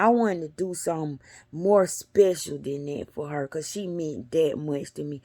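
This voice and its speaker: A middle-aged woman telling a spiritual story to her viewers in a blunt, animated way, cussing freely and sometimes dropping into a whisper. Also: deep voice, no echo. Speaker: spiritual vlogger.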